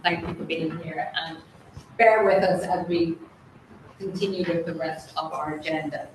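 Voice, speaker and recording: A woman's voice: low-pitched, fairly even intonation, slight background noise. Woman speaking far off in a hall. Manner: measured, formal delivery. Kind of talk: formal speech. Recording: distant, very echoey hall.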